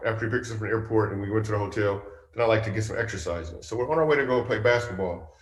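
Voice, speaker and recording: A man, a comedian and talk-show guest, telling a personal story in an animated way with playful punchline asides. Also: lowish voice, racing, roomy sound, slight background noise.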